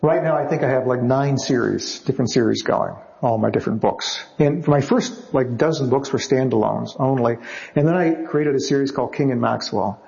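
A man, a novelist being interviewed, telling anecdotes in a lively way and acting out the voices of the people in them. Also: medium pitch, moderate pace, gravelly, dull audio. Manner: lively storyteller acting out quotes. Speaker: novelist guest.

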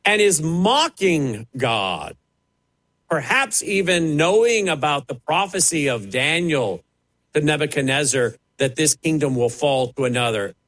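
A man's voice: a little high, fairly bright tone, low-quality recording. A man preaching, fiery and emphatic, mocking the voices he quotes. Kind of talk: preaching sermon.

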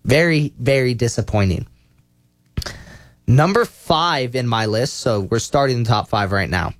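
A young man hosting a casual sports talk show, rambling, correcting himself and getting excited as he goes. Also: mid-range voice, unhurried, no echo, clean studio sound. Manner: rambling, self-correcting, enthusiastic.

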